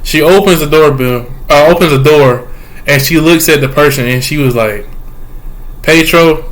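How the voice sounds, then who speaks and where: Excited young man rambling a recap. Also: a little high, normal speed. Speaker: vlogger. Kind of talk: casual show recap.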